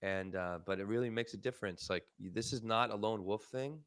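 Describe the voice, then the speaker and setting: Earnest, smooth-voiced male podcast co-host. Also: lowish voice, fairly quick, fairly bright tone, no room sound, clean studio sound. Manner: earnest, reflective, with many fillers. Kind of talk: casual podcast chat.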